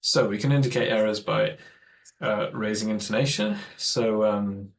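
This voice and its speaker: A man's voice: on the low side, steady tone, moderate pace, vocal fry, low-quality recording. A man giving an online training presentation for teachers, explaining methods in a thoughtful way and often correcting himself mid-sentence.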